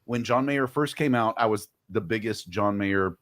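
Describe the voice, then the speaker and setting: A man's voice: lowish voice, normal speed, a bit bright. A man chatting casually on a livestream, dropping wry, teasing asides.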